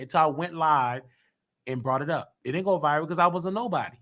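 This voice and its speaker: Slangy male live-stream host, animated storyteller. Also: fairly high pitch, fast talker. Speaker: host of a YouTube talk show. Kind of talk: live-stream call-in monologue.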